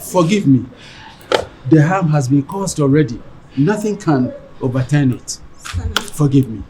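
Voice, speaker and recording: A man's voice: a little high, lively intonation, unhurried, noisy background. A man playing a remorseful pleading father. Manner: pleading, repeating requests for forgiveness. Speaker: father pleading with his child.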